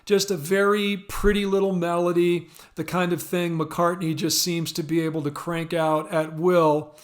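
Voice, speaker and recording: A man's voice: high voice, level tone, moderate pace. A man hosting a music channel, talking casually and with amusement about odd hit songs. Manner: chatty and amused, laughing often. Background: faint music from the song being discussed.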